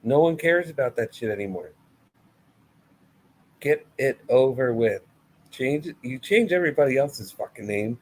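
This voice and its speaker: A man's voice: mid-range voice, expressive, moderate pace, pauses often, a little mellow, rough recording. A man giving a casual, blunt and sarcastic review of a wrestling show, full of swearing.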